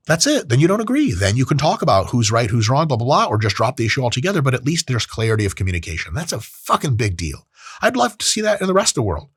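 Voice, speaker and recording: A man's voice: medium pitch, big pitch swings, fast, husky, no echo, studio quality. A man hosting a podcast, giving blunt, profane and emphatic advice in a casual monologue, acting out quoted exchanges along the way. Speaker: podcast host.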